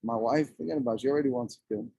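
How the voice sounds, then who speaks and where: A man's voice: medium pitch, racing, gravelly, dark tone, breathy edge, no echo, low-quality recording. A man in his forties, a guest talking outdoors with blunt, profane passion. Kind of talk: emotional casual conversation. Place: outdoors among trees and birds.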